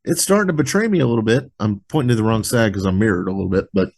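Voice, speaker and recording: Homme détendu qui parle sans fin. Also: male voice, fairly low pitch, rapid-fire. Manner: relaxed, rambling, full of "like". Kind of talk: casual podcast chat.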